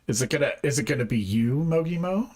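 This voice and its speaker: A woman's voice: rumbling low, animated, quick pace, darkish tone, breathy edge. A woman streaming a game voice-acting session, chatting casually with playful, swearing banter. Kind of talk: casual chat.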